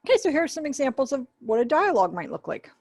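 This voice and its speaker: A woman's voice: sits high, very animated, quick pace. A woman giving the spoken voice of a sign language teacher in an online class, explaining step by step in a conversational way with small asides. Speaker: ASL voice interpreter for a webinar teacher.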